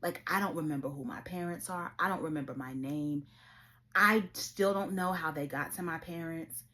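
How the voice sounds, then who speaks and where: A woman's voice: low-pitched, normal speed, sharp tone. A woman hosting her own show, telling a personal story in an earnest, emotional way. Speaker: show host. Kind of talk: personal testimony vlog.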